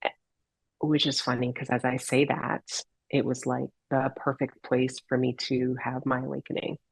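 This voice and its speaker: A woman's voice: extremely low pitch, level tone, moderate pace, vocal fry, husky, no room sound, poor audio. A woman guest on a podcast, telling a heartfelt personal story in an earnest, reflective way and sometimes searching for her words. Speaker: podcast guest, holistic healer.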